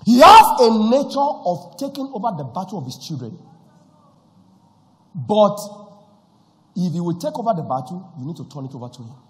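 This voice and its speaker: A man preaching a sermon, moving from quiet storytelling to shouted decrees. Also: high-pitched, sing-song, moderate pace, long pauses, long reverb tail, a little hiss or hum, low-quality recording. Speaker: pastor. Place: church.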